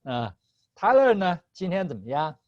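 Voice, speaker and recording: This male teacher's voice sits high and sing-song at a normal speed, without echo. Running a class online over a video call with slightly dull audio, he stays patient, laughs a lot and alternates between Chinese and English.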